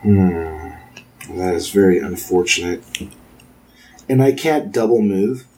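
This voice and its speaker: A man with a very deep voice playing a tabletop game. He talks in a measured, deliberate way and questions the rules before he acts. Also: animated, dark tone. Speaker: player. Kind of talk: casual tabletop game chat.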